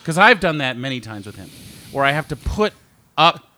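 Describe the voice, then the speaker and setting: A man's voice: fairly high pitch, very animated, moderate pace, bright, forceful tone. A man hosting a casual podcast chat, asking playful, teasing questions. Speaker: podcast host.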